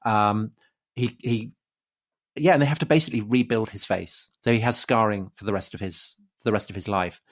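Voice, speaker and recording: A man from England with a fairly low voice talks at a moderate pace as co-host of a casual history podcast. He uses many fillers and restarts, chuckling between his points.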